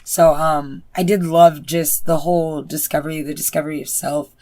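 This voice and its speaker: A young adult woman co-hosting a podcast, giving an animated, casual review full of fillers. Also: low-pitched, moderate pace, no room sound. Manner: animated, uses many fillers. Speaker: podcast co-host.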